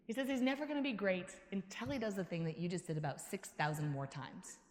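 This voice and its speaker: A woman's voice: mid-range voice, fast talker. A woman speaks from a conference stage, giving a motivational keynote. She tells stories with animation and acts out what people said, her voice sitting in the middle of the usual range for women. Long reverb from the large hall trails after her words. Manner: animated storyteller who acts out quotes and laughs.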